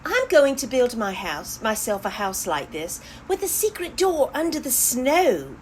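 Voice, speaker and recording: Storybook casting: a woman doing a nervous young hare boy, high and fretful, faint hiss behind. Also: sing-song, a little slow. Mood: eager. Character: timid young male hare, anxious.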